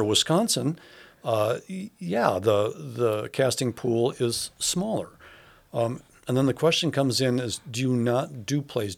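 A man's voice: mid-range voice, creaky. A man who directs a theatre, talking thoughtfully in a casual interview, with many fillers and restarts.

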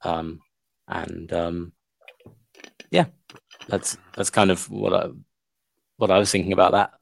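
A man co-hosting a casual podcast chat. He comes across as relaxed and agreeable, mostly backing up his partner and then offering short reflections. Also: low voice, takes it slowly, creaky. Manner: relaxed, agreeable listener who reflects briefly. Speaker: podcast co-host. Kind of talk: casual chat about a book.

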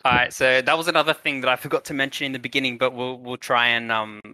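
A man's voice: medium pitch, steady tone, fast talker, bright, forceful tone, no echo. A young man narrating as game master for a tabletop game, hesitant and full of ums while improvising.

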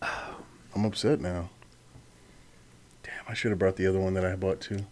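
A man's voice: low-pitched, fairly even intonation, moderate pace, a little mellow. A young man co-hosting a casual beer-tasting chat, teasing his friends and swearing freely. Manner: joking, teasing, swears often. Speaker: podcast co-host.

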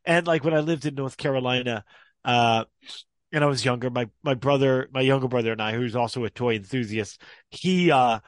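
A man's voice: medium pitch, fairly quick, no echo, studio quality. A man co-hosting a podcast in casual, easygoing chat with many fillers. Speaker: podcast co-host.

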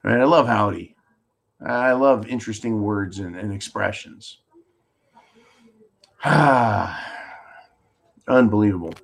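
The host, a California man running a political call-in show, has a lowish, gravelly voice with fairly even intonation and a moderate pace. He reads viewer questions and rants bluntly and sarcastically.

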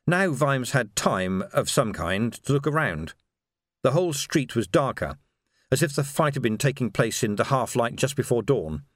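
A lively male audiobook narrator reads scripted material in a mid-range voice at a normal speed. The audio is clean and studio-made, with no room sound.

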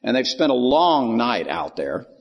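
A man's voice: medium pitch, very animated, measured pace, in a large hall, dull audio. A man giving folksy Bible teaching and acting out the lines of the people in the story.

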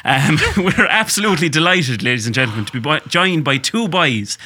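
A man's voice: fairly high pitch, animated, brisk, bright, forceful tone, a little hiss or hum. Sweary Irish man hosting a podcast. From Ireland. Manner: sweary, laughing storyteller. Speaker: podcast co-host. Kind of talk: casual podcast chat.

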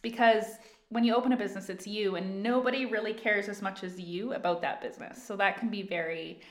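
A woman co-hosting a casual podcast, a small business owner who explains things in an easygoing, measured way. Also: mid-range voice, steady tone. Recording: echoey room.

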